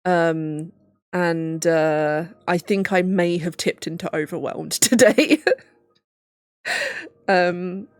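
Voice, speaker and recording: A woman's voice: lowish voice, takes it slowly, pauses often, smooth, dry recording, clean studio sound. A young woman talking casually on a livestream, on the verge of tears, thinking aloud with nervous laughs. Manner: tearful self-talk with nervous laughs. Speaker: livestreamer and PhD student.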